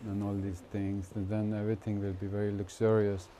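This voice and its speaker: A man's voice: lowish voice, flat delivery, brisk, mellow, a little hiss or hum. A man with an Indian accent, a spiritual teacher giving an informal, teasing talk to a gathering and laughing often. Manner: chatty, teasing, laughs often, nonnative grammar.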